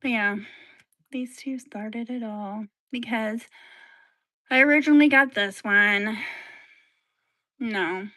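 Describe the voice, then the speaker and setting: Slow, soft-spoken woman livestreaming. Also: a little high, no room sound, studio quality. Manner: soft-spoken, sighing, drifting into whispers. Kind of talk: casual chat showing her pets.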